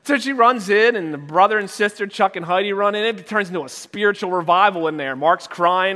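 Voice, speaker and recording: A man preaching a sermon as pastor, talking conversationally and acting out quoted voices with sudden loud shouts. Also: high-pitched, lively intonation, fairly quick, few pauses. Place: church sanctuary. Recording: long reverb of a church hall.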